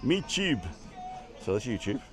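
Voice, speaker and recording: A man hosts a casual live stream outside an inn by the road, his voice at an ordinary middle pitch. He talks in a jokey, chatty way and reads out viewers' names one after another. Faint music plays behind him. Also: big pitch swings, a little slow, a bit bright, a faint crowd. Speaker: livestream host.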